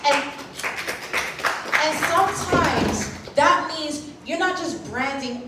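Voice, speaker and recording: A woman's voice: on the high side, animated, unhurried. Woman, 30s, from Haiti, motivational keynote, emphatic, stage mic, echoey hall, room noise. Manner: emphatic, keeps asking "right?" of the audience. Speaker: conference speaker. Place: large conference hall. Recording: echoey hall, recorded from a distance.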